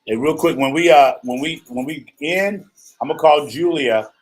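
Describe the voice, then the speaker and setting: Chatty middle-aged radio host, jokey. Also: male voice, fairly high pitch, moderate pace. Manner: chatty, jokey, rambling with restarts. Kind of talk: casual radio talk.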